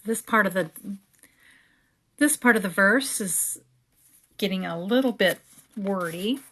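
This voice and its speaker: A woman casually explaining her journaling steps as she works, now and then slowly reading verses aloud. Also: medium pitch. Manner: relaxed, chatty, reads verses aloud slowly. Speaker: creator. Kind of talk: casual craft tutorial narration.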